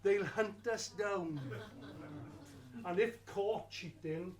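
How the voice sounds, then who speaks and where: A man telling a lively first-person story of his school days, wry and slowing down for emphasis. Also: high-pitched, crowd noise. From Wales.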